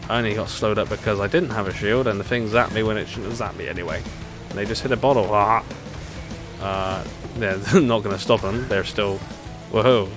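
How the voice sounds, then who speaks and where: A man streams a racing game live and talks through it in a loose, rambling way, breaking into laughter now and then. His voice sits a bit low. Loud game music plays under his commentary. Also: brisk, few pauses. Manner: chatty, rambling, laughs often.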